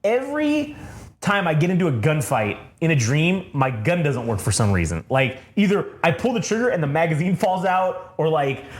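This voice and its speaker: High-voiced man telling a rambling, profane story. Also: very animated, normal speed, reverberant. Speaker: podcast co-host. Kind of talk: casual chat, storytelling.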